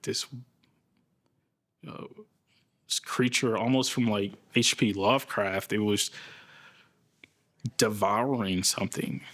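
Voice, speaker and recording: Slow, halting man with a low voice. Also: fairly bright tone. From United States. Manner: slow, halting, searching for words. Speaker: interviewee recounting a psychosis episode. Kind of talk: documentary interview.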